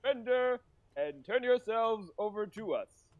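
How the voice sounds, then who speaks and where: A high-voiced man speaking with lively, swooping pitch. He delivers formal, pompous lines in character at a tabletop game. The sound is dry and close. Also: a little slow, no room sound, phone-quality sound. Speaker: player. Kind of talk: in-character tabletop role-play.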